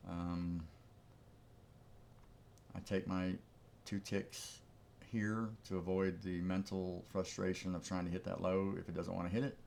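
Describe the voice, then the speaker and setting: A man's voice: deep voice, level tone, measured pace, vocal fry, darkish tone, slight background noise. A man giving casual live-stream commentary on his trades, thinking aloud in an easygoing way. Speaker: trading streamer.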